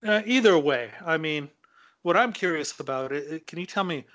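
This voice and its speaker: A man with a slightly raised voice chats loosely on a podcast, joking with his co-hosts. His talk is relaxed and sprinkled with "dude" and "brother". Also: on the high side, moderate pace. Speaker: podcast co-host. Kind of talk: casual chat.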